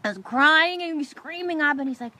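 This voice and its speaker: A middle-aged woman co-hosting a faith talk show, telling an emotional personal story with lively, expressive delivery and asking her listener questions. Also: high-pitched, moderate pace, poor audio. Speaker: ministry show co-host. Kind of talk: testimony and encouragement talk.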